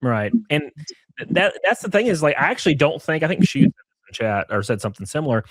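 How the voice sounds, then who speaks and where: A man's voice: on the high side, sing-song, fast talker, no room sound. A man hosting a casual chat, reassuring his guest and reading out messages from the chat. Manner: reassuring, supportive, reads out chat.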